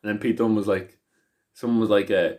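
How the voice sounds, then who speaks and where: A man co-hosting a wrestling podcast, rambling and halting as he talks casually. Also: lowish voice, fairly even intonation, a little mellow. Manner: rambling, halting, many restarts. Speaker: podcast co-host.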